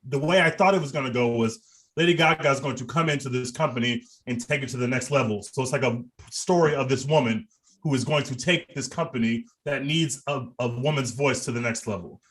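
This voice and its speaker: A man's voice: mid-range voice, brisk, a bit bright. A man co-hosting a podcast, reviewing a movie in casual, profane and enthusiastic chat. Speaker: podcast co-host.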